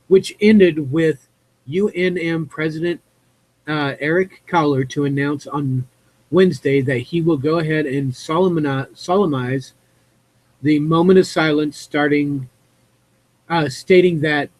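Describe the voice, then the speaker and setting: A man hosting a live stream reads a news article aloud and breaks off to give his opinion. His voice is husky and fairly high for a man. He rambles, fills pauses with "uh", and corrects himself mid-word. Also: a little mellow, poor audio. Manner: rambling, with fillers and self-corrections.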